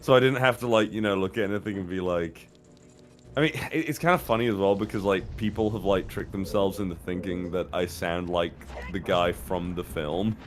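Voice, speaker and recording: A man's voice: deep voice, fairly quick, faint music behind. A young British man, a voice actor, chatting loosely on a game stream, rambling and swearing often. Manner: relaxed, swears constantly, rambling. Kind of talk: casual chat on a game stream.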